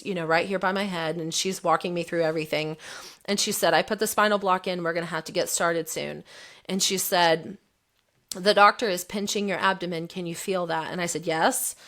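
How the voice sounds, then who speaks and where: A woman's voice: lowish voice, a little fast. A woman in her thirties, a podcast guest, candidly telling a personal story and acting out the quoted lines. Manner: candid, animated retelling, voicing the quotes.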